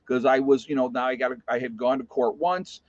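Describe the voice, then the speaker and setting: Speaking at a slightly fast clip with a steady tone and medium pitch, a man in his 50s loosely recounts something from his own life, peppered with "you know" and restarts. There's no echo, and the sound is dry and a touch dull.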